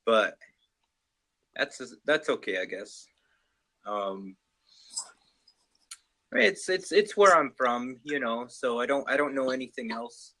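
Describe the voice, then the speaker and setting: A man's voice: mid-range voice, expressive, takes it slowly, pauses often, pushed and bright, rough recording. A man with a Canadian accent in casual video-call chat, hesitant and chatty with many restarts.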